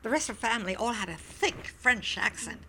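An older woman, an interview guest, recounting memories in a reflective, halting way. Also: a little high, animated, bright, forceful tone, slight background noise. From Wilmington, Delaware, US. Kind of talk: oral history recollection.

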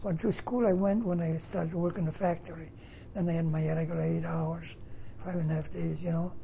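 An older man from Northern Italy, native Italian, speaking English with an Italian accent and halting, broken phrasing, telling his life story in an interview. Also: a little high, flat delivery, gravelly, warm tone, muffled recording, slight background noise. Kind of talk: oral history interview.

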